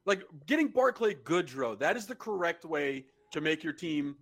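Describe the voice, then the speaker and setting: A man's voice: a little high, very animated, moderate pace, gravelly, fairly bright tone. A man co-hosting a casual sports podcast, talking bluntly and analytically and swearing freely. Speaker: podcast co-host.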